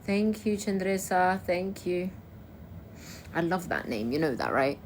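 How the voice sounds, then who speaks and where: A young woman from Kosovo talks on a casual livestream, reading and answering her viewers' comments in a chatty way. Her voice sits fairly low for a woman. There is a faint noise behind her. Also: big pitch swings, measured pace. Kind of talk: casual live-stream chat.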